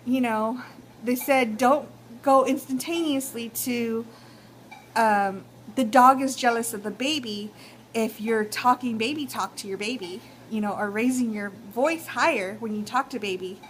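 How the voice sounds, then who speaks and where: A woman's voice: a little high, unhurried, a little hiss or hum, poor audio. A young woman with a Texan accent giving casual advice in a vlog, talking chattily with many fillers. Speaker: vlogger.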